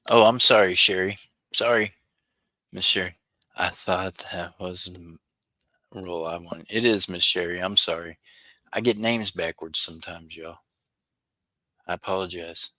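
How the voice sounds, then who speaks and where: A chatty man hosts a coin-roll livestream, his low voice bright and forward. He talks to viewers by name and gets excited over small finds. The sound is close and dry, with no room around it. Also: unhurried, pauses often, dry recording. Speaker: livestream host searching coin rolls. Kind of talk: casual livestream chat with viewers.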